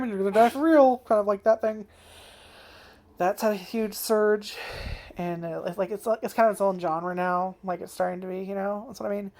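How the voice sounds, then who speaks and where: A woman's voice: mid-range voice, darkish tone, a little hiss or hum. A woman talking casually at home in a personal vlog. She rambles, swears a lot and lets her sentences trail off. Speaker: anime vlogger. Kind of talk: casual chat. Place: home, indoors.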